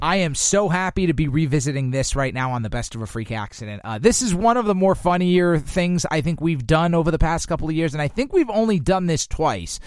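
A man's voice: on the high side, expressive, fairly quick, hardly any pauses, a little mellow, clear, resonant tone. A man hosting a podcast in upbeat, playful casual chat. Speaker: podcast host.

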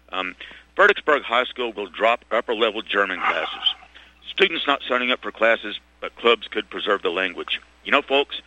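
A middle-aged man hosting a talk radio show, talking in a halting, rambling way full of restarts and fillers. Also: medium pitch, pushed and bright, no echo, rough recording. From Texas. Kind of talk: rambling monologue.

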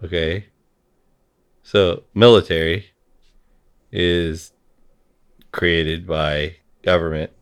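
A man's voice: low-pitched, fairly even intonation, very slow, pauses often, clean tone. A man in a heated conversation, talking bluntly and swearing freely as he rants. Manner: blunt, profane ranting.

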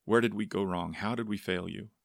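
A man's voice: fairly low pitch, fairly even intonation, fairly quick, creaky, no echo, studio quality. A man doing a dismayed, devout mother. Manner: dismayed, lamenting.

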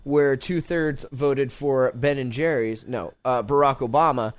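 A man's voice: medium pitch, unhurried. A man hosting a casual podcast, reading news stories aloud and cracking crude jokes between lines. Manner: reads news with crude jokes, laughs often. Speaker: podcast host.

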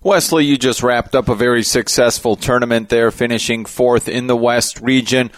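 A man's voice: medium pitch, fairly even intonation, normal speed, no echo. Man hosting a podcast interview. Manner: friendly, scripted intro then loose questions with restarts. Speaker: podcast host.

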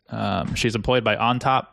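Gravelly-voiced American man chatting casually. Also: fairly low pitch, a bit bright, dry recording. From United States. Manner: rambling, self-deprecating, laughs often. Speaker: agency co-host. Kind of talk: casual podcast chat.

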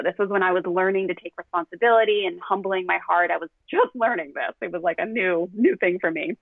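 A woman's voice: fairly low pitch, fairly quick, creaky, hardly any pauses, dry recording. A middle-aged woman parenting coach telling candid stories in a podcast conversation, acting out what was said. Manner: candid, animated, acts out quotes. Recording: dry, tinny phone-like line.

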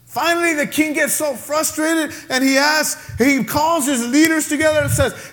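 A man preaches with a strikingly high voice, talking to his congregation in a loose, conversational way. He builds to shouted emphasis on the key points of his sermon, then drops back into friendly asides. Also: lively intonation, normal speed, few pauses. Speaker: pastor.

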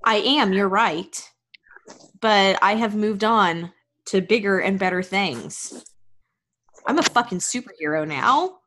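A woman playing a character in an improvised tabletop game, with blunt, quick comebacks. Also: medium pitch, expressive, fairly bright tone, slight background noise. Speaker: player. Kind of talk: improvised tabletop role-play.

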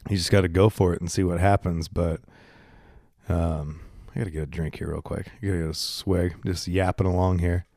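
A man with a low, slightly congested voice hosts a casual solo podcast from his garage. He rambles candidly and pokes fun at himself, holding the microphone close in his hand. The sound is close and dry, with no room around it. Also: a little mellow, no echo. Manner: rambling, candid and self-deprecating. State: congested, coughing and burping. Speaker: podcast host. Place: home garage. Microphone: handheld microphone.

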